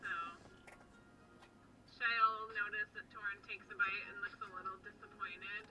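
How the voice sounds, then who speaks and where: A man playing in a tabletop game, calm and soft-spoken. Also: high voice, measured pace, highs cut off. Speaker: player. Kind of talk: casual tabletop role-play. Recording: distant mic with background music.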